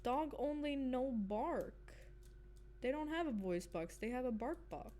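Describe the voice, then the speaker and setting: A woman livestreaming while she plays a game, chatting casually. She is goofy and playful, giggles often, and breaks into squeaky cries and mock whispers. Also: expressive, unhurried, dark tone. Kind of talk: casual live-stream chatter while gaming.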